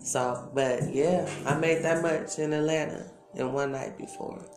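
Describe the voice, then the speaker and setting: A woman's voice: low voice, steady tone, measured pace. A middle-aged woman from Milwaukee, a former dancer giving an interview, telling stories in candid, slangy casual talk. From Milwaukee, Wisconsin. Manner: candid, slangy storytelling with frequent asides. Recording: echoey room with loud music behind.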